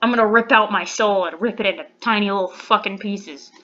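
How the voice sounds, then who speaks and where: A woman's voice: medium pitch, a little fast, fairly bright tone, highs cut off. A woman playing a visual novel who reads its text aloud and reacts with blunt, swear-heavy, teary commentary. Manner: emotional, swears a lot, blunt. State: teary after crying. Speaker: let's play gamer. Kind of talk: casual gameplay commentary, reading game text aloud.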